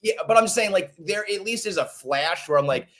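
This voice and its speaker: Excitable man riffing on baseball. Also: high voice, a little fast. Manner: rambling, excitable, swears freely. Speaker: podcast co-host. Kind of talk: casual sports banter.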